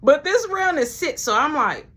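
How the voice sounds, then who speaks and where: A young woman telling a story in casual chat, animated and acting out the voices of everyone involved. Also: high-pitched, moderate pace. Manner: animated, acts out every voice, laughs along.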